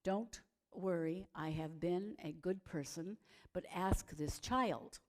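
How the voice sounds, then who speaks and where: A woman voicing a devout, gentle young mother in a story, speaking quietly and earnestly. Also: lowish voice, slow pace. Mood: tender.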